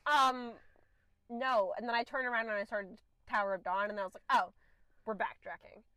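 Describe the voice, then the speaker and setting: Young woman, podcast co-host, casual book chat, fairly high voice, stammers, giggles. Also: normal speed, pushed and bright, dry recording, poor audio.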